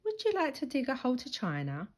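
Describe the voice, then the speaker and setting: A woman voicing a mischievous young boy who schemes sweetly and protests loudly. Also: high voice, huge pitch swings, quick pace, voice pushed up, exaggerated voice. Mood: scheming.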